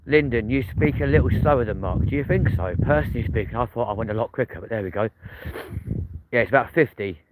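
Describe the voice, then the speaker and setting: A man's voice: mid-range voice, fast talker. Chatty Manchester man streaming live. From England. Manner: chatty, jokey, addresses the chat directly. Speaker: livestream host. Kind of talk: casual live-stream chat. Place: in a car. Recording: clear background noise.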